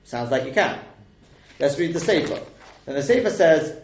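A man's voice: a little high, lively intonation, normal speed, slight background noise. A man teaching a text lesson, explaining step by step and quizzing his listeners with rhetorical questions. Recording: echoey room.

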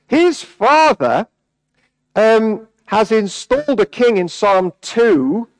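A man preaching a sermon, emphatic, dropping to hushed words and then rising again. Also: high-pitched, dry recording, low-quality recording. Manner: emphatic, swinging between hushed and raised.

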